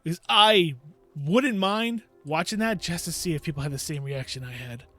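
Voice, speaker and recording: Over faint background music, a man with a slightly high, expressive, sharp-toned voice talks at a normal speed. He's a gaming YouTuber venting casually about a bad game, exasperated and laughing in disbelief as he acts out how he reacted.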